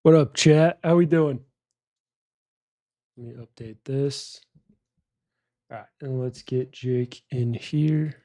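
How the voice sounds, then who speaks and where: A man taking over a trading livestream, loudly greeting his chat by name in a casual way. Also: mid-range voice, slow pace, long pauses.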